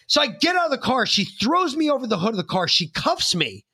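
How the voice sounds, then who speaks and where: Bright, animated middle-aged male storyteller. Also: high-pitched, fast talker, breathy edge, no room sound, clean studio sound. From New York State. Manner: animated and profane, acting out other people's lines. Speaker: podcast co-host. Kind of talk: casual podcast storytelling.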